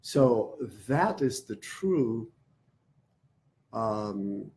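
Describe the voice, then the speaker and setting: Slow, deliberate man teaching meditation. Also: on the low side, lively intonation, a little mellow. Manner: slow, deliberate, repeats words while searching. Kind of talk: class lecture.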